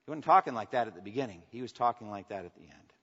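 A man preaching a sermon as pastor, swinging from emphatic declarations to soft, intimate asides and asking the congregation for response. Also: on the low side, animated, rapid-fire, slightly rough. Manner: preaching with rising emphasis, then dropping to soft, intimate lines. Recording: long reverb, dull lo-fi sound.

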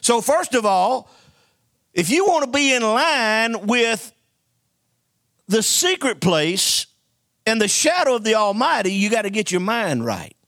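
A man's voice: high-pitched, sing-song, unhurried, pauses often, a bit bright, no echo, clean studio sound. A man preaching a sermon, telling folksy stories and calling for amens from the congregation. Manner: call-and-response preaching, folksy storytelling.

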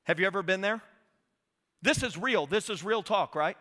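A middle-aged man preaching a sermon in a church auditorium, with a high, bright, ringing voice. He tells his story in an animated way and acts out his own talks with God. The long reverb of a big hall trails after every phrase. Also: moderate pace. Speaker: guest speaker.

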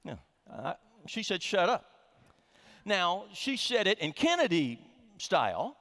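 A man's voice: sits high, wildly swooping pitch, unhurried, a bit bright. A middle-aged man preaching a sermon as a pastor, telling a humorous story with frequent restarts, in a reverberant sanctuary. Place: church sanctuary.

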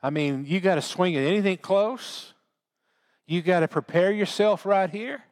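A man's voice: high-pitched, moderate pace. A man preaching a sermon, telling the story in a folksy, homespun way. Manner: folksy storytelling with baseball analogies.

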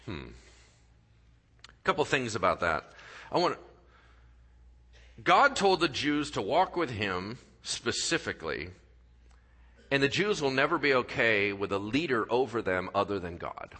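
A male pastor preaching a sermon in church, telling stories with acted-out voices and dropping to quiet, earnest tones for his key points. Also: mid-range voice, a little slow, pauses often. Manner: animated storyteller, acts out voices and sound effects. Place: church sanctuary.

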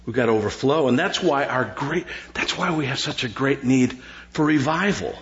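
A middle-aged man, preaching a sermon as pastor in an animated, joking way with lots of repetition. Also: mid-range voice, normal speed, echoey room, a little hiss or hum. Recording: dull lo-fi sound.

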